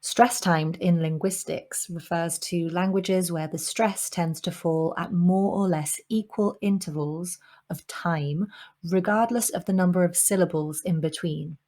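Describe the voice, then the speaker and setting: A woman teaching English pronunciation in a scripted lesson, her voice sitting slightly low. She explains in a clear, measured way and slows right down when she models example sentences. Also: steady tone, warm tone.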